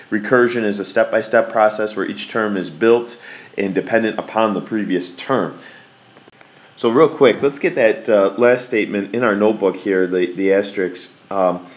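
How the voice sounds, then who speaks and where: A man teaching a math lesson in a folksy way, repeating key words for emphasis. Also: lowish voice. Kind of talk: classroom lecture.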